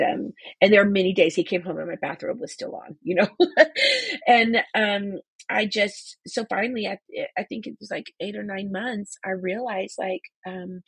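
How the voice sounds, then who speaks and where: A woman in her forties tells her faith story as an interview guest, circling back through restarts and fillers. Her voice is husky and gravelly, and her nose is stuffed up from crying. The sound is close and dry. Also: lowish voice, no echo. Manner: emotional, rambling with many restarts and fillers. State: congested from crying. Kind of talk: personal testimony in a faith interview.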